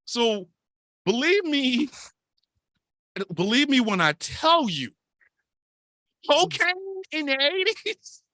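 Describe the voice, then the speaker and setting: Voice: sits high, slow pace, long pauses, slight background noise. A podcast co-host telling a wild story with lots of swearing. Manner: animated, profane storytelling. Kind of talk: casual storytelling.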